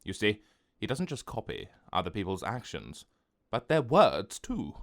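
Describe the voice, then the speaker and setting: A man narrating a children's animated short in a gentle, expressive storytelling voice. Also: fairly low pitch, a little slow.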